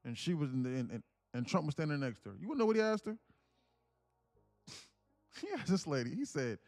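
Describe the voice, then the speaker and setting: A man chatting casually on a livestream, rambling and repeating himself while he tells a story. His voice sits slightly high and swings widely in pitch. The sound is dry and close. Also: big pitch swings, brisk, pauses often, darkish tone, no room sound, soft background music. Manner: rambling, repetitive, laughs while telling stories. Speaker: livestream trading host.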